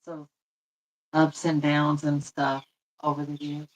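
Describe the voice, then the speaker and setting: Low-voiced chatty woman host. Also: completely flat delivery, slow pace, low-quality recording. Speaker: doll channel host. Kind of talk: casual chat while demonstrating.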